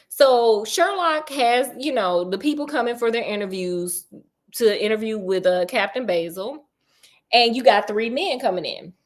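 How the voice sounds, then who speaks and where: A woman retelling a classic detective story in a casual, slangy, joking way with playful asides. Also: a little high.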